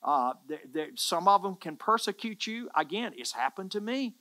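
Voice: medium pitch, sing-song, normal speed, bright, forceful tone. A pastor preaching a sermon in an earnest, emphatic way, often repeating phrases for stress.

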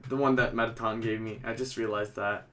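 A man playing a video game and commenting in a sarcastic, deadpan way, with game music behind. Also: fairly low pitch, brisk, far from the mic, noisy background. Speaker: gaming channel host. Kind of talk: let's play commentary.

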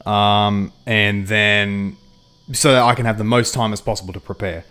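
A man's voice: lowish voice, little pitch movement, moderate pace, pushed and bright, clear, resonant tone. A man casually talking through a strategy game on a livestream, thinking aloud with frequent ums and reading chat messages aloud. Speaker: livestream gamer.

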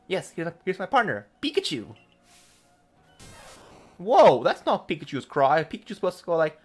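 Excitable young man with a lively voice. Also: on the high side, normal speed, long pauses, husky, faint music behind. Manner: excitable, laughing, loud outbursts. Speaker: gaming video creator. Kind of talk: let's-play commentary.

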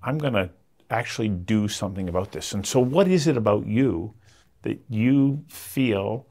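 A man's voice: on the low side, normal speed, vocal fry, dark tone. A man hosting an interview and asking thoughtful, probing questions. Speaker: interviewer, host.

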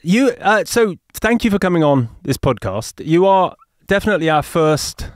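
A man's voice: sits high, sing-song, normal speed, dry recording, clean studio sound. A man with an English accent hosting a podcast interview, chatty and jokey, often laughing. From England. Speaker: podcast host.

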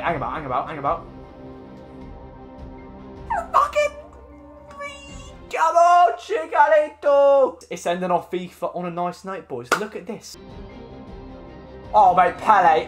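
A young man commentating his own football video game matches, slangy, swearing and shouting when goals go in. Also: high-pitched, moderate pace, soft background music. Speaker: gaming YouTuber. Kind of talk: excited gameplay commentary. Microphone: desk microphone.

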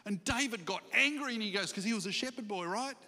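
A man preaching a sermon as senior pastor, animated and questioning the congregation, acting out scripture stories. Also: high-pitched, fast. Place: church hall. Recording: church livestream with long hall reverb.

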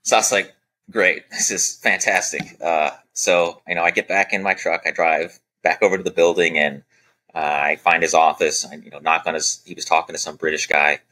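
Low-voiced male guest with a bright, forceful edge, spinning a loose, animated story full of fillers. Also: a little fast. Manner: animated anecdote-telling, acting out quoted dialogue with many "you know" fillers. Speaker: podcast guest, former Air Force special operator. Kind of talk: casual storytelling interview.

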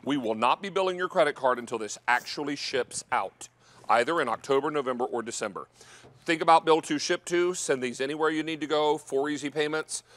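A man's voice: a little high, a little fast, no room sound. Chatty upbeat male shopping-show host. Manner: warm, chatty, upbeat salesman patter. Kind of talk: live shopping show chat. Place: TV studio kitchen set.

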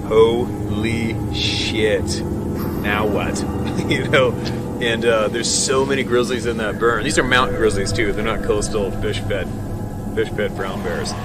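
A man who works as a hunting guide, telling a tense story about a grizzly in a casual, animated way, often laughing and acting out the scene. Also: lowish voice, normal speed, over loud music.

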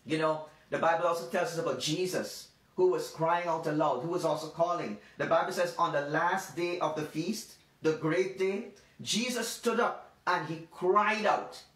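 Male pastor, high-pitched, emphatic repetitive delivery, off-mic in a roomy space. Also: fairly bright tone. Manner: emphatic, repetitive preaching with slow stressed phrases. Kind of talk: devotional sermon. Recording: roomy sound from a distant mic.

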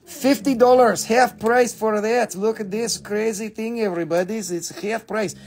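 A man hosting a live gemstone sale, excitable and cursing freely, breaking into snatches of song. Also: sits high, moderate pace, a little hiss or hum. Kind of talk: live shopping stream. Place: home shop.

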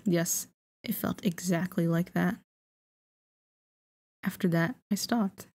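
A woman streamer reading a story game aloud in slow, soft narration. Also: fairly low pitch, slightly rough.

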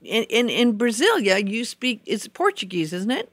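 A woman's voice: fairly high pitch, sing-song, normal speed, no room sound. An American woman hosting a talk show, effusive and full of exclamations as she interviews her guest. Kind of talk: casual interview.

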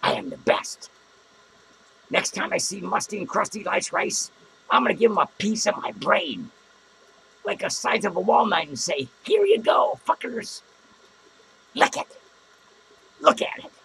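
A boozy, foul-mouthed clown, put on by a man, rants from a small podcast studio, cackling at his own jokes. His voice is gravelly and sharp-edged, lurching from low grumbles to high squeals. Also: wildly swooping pitch, unhurried, long pauses, a little hiss or hum, full character voice, low-quality recording. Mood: boozy rambling. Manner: rambling, profane, self-mocking, with loud cackling laughs. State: drunk. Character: crude rambling drunk male clown. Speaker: podcast host. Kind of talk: comic in-character podcast rant.

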